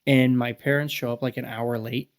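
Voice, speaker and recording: A man's voice: flat delivery, normal speed. Rambling man telling stories. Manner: rambling, filler-heavy, acts out quoted people in high voices. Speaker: podcast guest. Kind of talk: casual storytelling chat.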